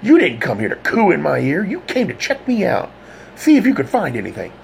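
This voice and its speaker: A man voicing an indignant, hot-tempered young man who rants and shouts, his pitch climbing high. The voice swings widely and carries a gravelly rasp, with a faint hum of ambience behind it in this audiobook. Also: wildly swooping pitch, brisk, full character voice.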